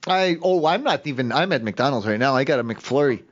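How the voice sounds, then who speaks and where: A man's voice: mid-range voice, animated, a little fast. A man on a prank phone call, telling a rambling, hesitant story. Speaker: prank caller.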